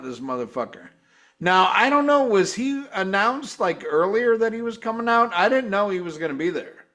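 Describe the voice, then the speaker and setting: A man hosting a casual live review chat, swearing freely and getting excited. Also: high-pitched, unhurried. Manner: profane, excitable, mimics guitar sounds. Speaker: show host.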